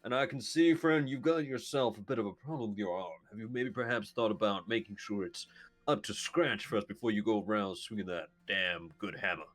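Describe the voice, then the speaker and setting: A man's voice: on the low side, brisk, natural voice. A man playing a boastful celebrity adventurer. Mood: grandiose. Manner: grandiose, self-satisfied delivery. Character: boastful famous male adventurer, showy and theatrical.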